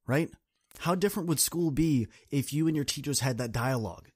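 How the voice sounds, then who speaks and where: A man's voice: mid-range voice, fairly quick, a little mellow, husky, dry recording, clean studio sound. Earnest male podcast coach. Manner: earnest, direct, addresses listeners as y'all. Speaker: podcast host and student coach. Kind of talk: casual storytelling monologue.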